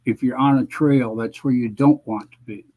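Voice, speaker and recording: A man in his seventies, a guest veteran, answering interview questions in a halting, measured way with frequent pauses. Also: mid-range voice, steady tone, dark tone, poor audio. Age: 70s. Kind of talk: conversational interview reminiscing.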